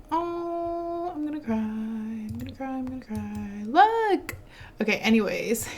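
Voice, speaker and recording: This woman runs her own gaming channel, where she chats over gameplay with excitable energy and frequent laughter. Her voice is medium in pitch.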